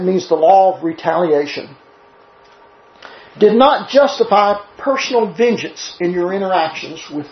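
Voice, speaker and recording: A man giving a sermon-style Bible teaching, emphatic and full of rhetorical questions. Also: high-pitched. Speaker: preacher. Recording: roomy, slightly dull sound.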